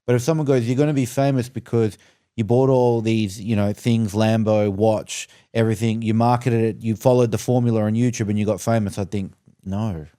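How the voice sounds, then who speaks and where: A man with a low, mellow voice talking casually and thoughtfully as a guest on a podcast. He speeds up when he recounts what people might say to him. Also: fairly even intonation. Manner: casual, thoughtful, quick when telling a story. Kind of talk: casual conversation.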